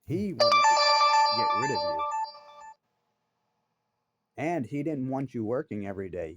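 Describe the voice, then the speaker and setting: Man, low voice, dry close sound, blunt and profane, casual storytelling. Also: mellow, no room sound. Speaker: carpet installer telling a work story.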